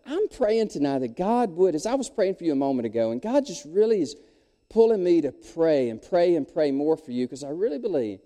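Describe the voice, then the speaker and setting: A middle-aged pastor with a voice on the high side preaches a sermon a little fast, telling stories animatedly and calling out to the congregation. The recording echoes through a church sanctuary with long reverb.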